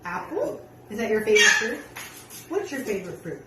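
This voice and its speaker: A woman's voice: medium pitch, very animated, brisk, far from the mic. A woman in a sing-song, praising baby-talk voice, coaxing her pet parrot to talk. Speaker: pet owner. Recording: noisy, echoey room, off-mic.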